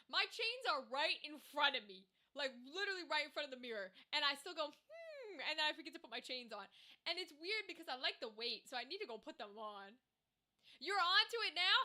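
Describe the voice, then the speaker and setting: A woman's voice: high voice, pushed and bright. A woman streamer chatting casually to her stream, rambling and swearing freely. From Irish background. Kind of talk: casual chat to a live stream.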